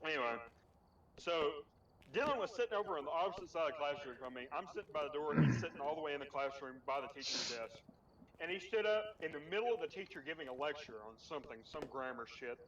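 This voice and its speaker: A man's voice: a little high, fast talker, crowd noise. A young man telling school stories in casual chat, swearing and laughing as he goes. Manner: animated, swearing, laughing through his stories. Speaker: storyteller. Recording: muffled, distant, crowded room.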